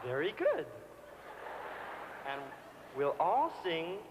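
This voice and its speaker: A man's voice: fairly high pitch, wildly swooping pitch, slow pace, pauses often, heavy background noise. A man performing live on stage, coaxing the audience into a sing-along with a childlike manner. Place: large concert hall stage. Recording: live concert hall recording with long reverb.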